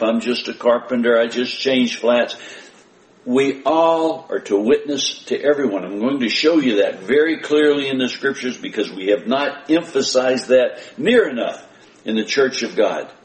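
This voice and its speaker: Male pastor, earnest emphatic sermon, repeats key phrases, roomy echoing church sound. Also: medium pitch.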